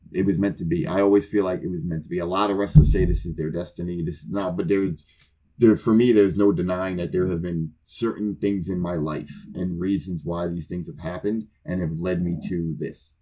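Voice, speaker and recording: A man's voice: low-pitched, fairly even intonation, moderate pace, warm tone, slightly rough. A man co-hosting a podcast, casually telling a rambling, profane story and acting out both sides of old conversations. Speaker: podcast co-host.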